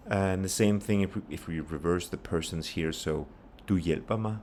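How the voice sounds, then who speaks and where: Male language teacher, very low pitch, patient and explanatory, models phrases slowly. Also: a little mellow, slight background noise. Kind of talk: pronunciation lesson.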